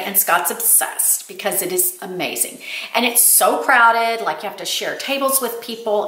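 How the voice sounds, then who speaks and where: A woman's voice: mid-range voice, a bit bright. An older woman, telling stories to her viewers in a chatty, casual way. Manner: chatty storytelling, addresses viewers as y'all. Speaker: lifestyle vlogger. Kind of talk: casual chat. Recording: roomy echo.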